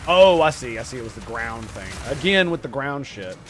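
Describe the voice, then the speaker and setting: A man giving live gameplay commentary as a streamer, excitable and quick to swear and rant in exasperation. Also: mid-range voice.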